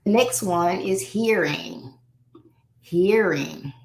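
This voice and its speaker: A woman's voice: fairly low pitch, very slow, gravelly. Lady coach doing a live parenting talk, chatty, acts out the parent bits, roomy echo. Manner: conversational, acts out parent and child exchanges. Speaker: life coach and show host.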